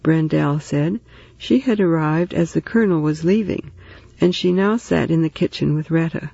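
A man reading a story aloud in steady, even narration. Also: a little high, normal speed, creaky, slightly rough, dry recording, highs cut off. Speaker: audiobook narrator. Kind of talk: scripted narration.

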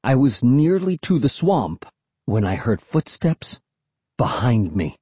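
A man reads a suspenseful story aloud, his husky voice rising and falling with lively expression. The recording is close and dry, with no room sound. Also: mid-range voice, slow pace, no echo. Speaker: audiobook narrator. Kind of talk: scripted narration.

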